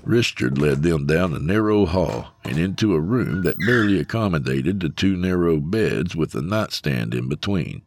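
A man's voice: sits low, expressive, normal speed, hardly any pauses, slight background noise. A man narrating an audiobook in a dry, profane storytelling manner. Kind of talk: scripted narration.

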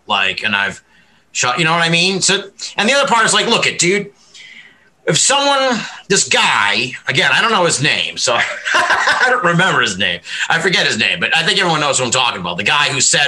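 A man talking in a rambling, animated podcast discussion, swearing freely and laughing often. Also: a little high, fairly quick, low-quality recording. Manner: many fillers and restarts, laughs often.

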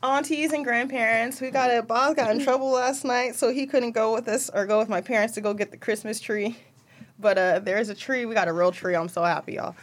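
A woman's voice: a little high, steady tone, fairly quick. A young woman co-hosting a podcast, talking candidly and emotionally about her children in casual chat, rambling a little as she goes. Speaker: podcast co-host.

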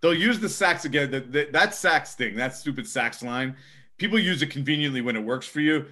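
A young man talking sports on a casual podcast, his voice bright and a touch high, swinging up and down with lively emphasis. He stresses his points hard and keeps checking in with his listener. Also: fairly quick. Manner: animated, emphatic, says "okay?" often. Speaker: co-host.

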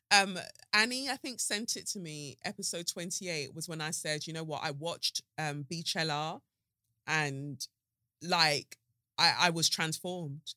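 A woman in her thirties hosting a podcast in casual, animated chat, laughing often. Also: sits low, a little slow, no room sound, studio quality. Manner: chatty, animated, laughs and breaks into song. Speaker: podcast host.

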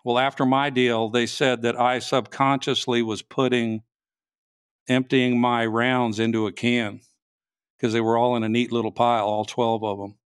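A man, a state trooper, telling his story in a casual interview, halting and restarting sentences as he goes. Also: medium pitch, level tone, clear, resonant tone, no room sound, studio quality.

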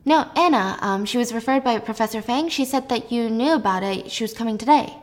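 A woman's voice: on the high side, expressive, a little fast, lightly acted. A woman voicing an apologetic woman secretary in a film retelling.

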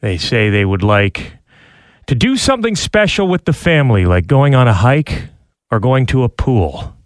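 A man's voice: mid-range voice, very animated, normal speed, no echo, studio quality. Joking male radio host. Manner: joking, teasing. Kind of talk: casual chat, reading segments.

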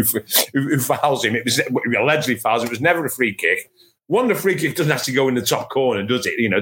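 A middle-aged man from England, a football journalist on a podcast, telling a long anecdote with animated asides and exasperated re-enactments. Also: medium pitch. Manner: animated storytelling, acts out his own exasperation.

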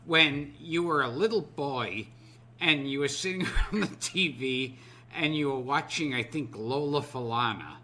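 A man hosting a podcast, asking halting, stop-start questions in casual chat. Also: medium pitch, bright, forceful tone. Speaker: podcast host.

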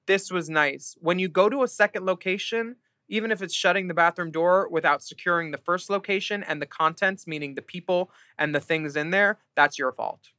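Campy bright-voiced male podcast host. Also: fairly high pitch, smooth, no room sound, clean studio sound. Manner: campy, reads listener letters aloud. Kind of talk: casual chat.

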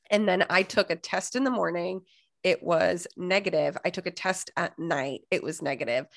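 A young woman co-hosting a podcast, raspy and fried from covid, chatting and laughing over a video call. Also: lowish voice. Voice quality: vocal fry. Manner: chatty, laughs often, storytelling. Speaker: podcast co-host. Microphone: desktop USB mic on a video call.

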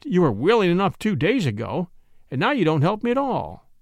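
A man's voice: sits high, huge pitch swings, brisk, gravelly, no echo, full character voice. A man reading a story who voices an eager young man eloping, coaxing and teasing his nervous bride.

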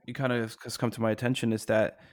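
A man in his thirties co-hosting a casual history podcast, easygoing and quick to agree. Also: mid-range voice, little pitch movement. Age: 30s. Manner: easygoing, short agreeing replies. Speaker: podcast co-host.

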